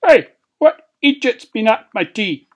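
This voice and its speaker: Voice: mid-range voice, sing-song, measured pace, voice pushed up. A Scottish storyteller voicing Greety, a whiny, grumpy little dwarf man. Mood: indignant. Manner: squealing, indignant.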